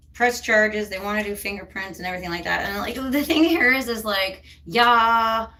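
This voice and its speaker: A woman's voice: mid-range voice, sharp tone, far from the mic. A woman co-hosting a casual talk stream, telling her story in a heated, emphatic way. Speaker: co-host. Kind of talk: casual chat.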